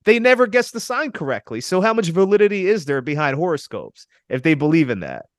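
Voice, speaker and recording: A man's voice: a little high, big pitch swings, fairly quick, no room sound, clean studio sound. A man co-hosting a podcast, giving dating advice in an emphatic, coaching way and calling his listeners fellas. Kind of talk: casual podcast chat.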